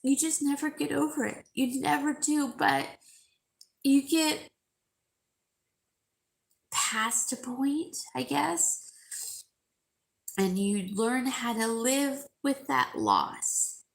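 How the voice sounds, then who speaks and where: A woman chatting with her viewers while crying, her voice gravelly and worn from the tears. She talks very slowly, stopping often and repeating her words. Her voice sits a little high. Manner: tearful, halting, repeats words. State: crying, sore throat. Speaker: jewelry seller live-streaming to viewers. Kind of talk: emotional live stream chat with viewers.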